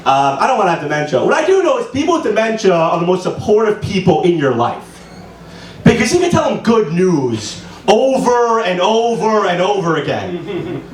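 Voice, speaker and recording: A young man in his twenties does loose, profane, rambling open-mic stand-up on a small comedy club stage. His voice sits high with big swings in pitch, and he talks at a moderate pace. The recording picks him up from a distance, full of roomy room sound.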